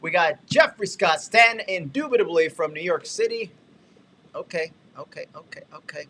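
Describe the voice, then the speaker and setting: Host type: lively, bright-voiced man running a casual livestream demo, chatty and upbeat, faint noise behind. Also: on the high side, moderate pace. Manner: energetic, talkative, shout-outs and asides. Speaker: livestream host and real estate tech coach.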